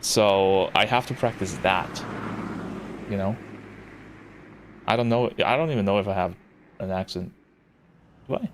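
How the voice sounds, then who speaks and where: A man from Germany with a fairly low voice chats his way through a visual novel on a livestream. He rambles to his viewers and reads the game text aloud in his normal voice, his pitch jumping up when something catches him off guard. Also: noisy background. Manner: rambling and chatty, answering chat, with excited jumps in pitch. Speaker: streamer.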